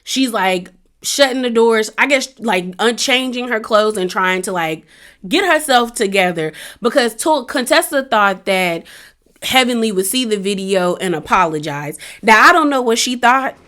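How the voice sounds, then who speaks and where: A woman's voice: on the high side, animated, normal speed, fairly bright tone. A woman hosting a casual review of a reality show episode, chatty and laughing often as she acts out what the cast said. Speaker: reality TV recap host.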